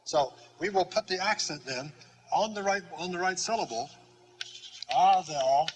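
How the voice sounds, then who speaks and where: Older male lecturer, a little high-pitched, patient classroom delivery with many fillers. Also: expressive, normal speed, noisy background. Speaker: Greek teacher.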